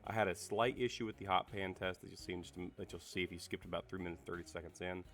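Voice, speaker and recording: Very deep, flat-voiced raspy sick man. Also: fast. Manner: relaxed, rambling with fillers and restarts. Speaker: cookware reviewer. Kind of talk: casual product review.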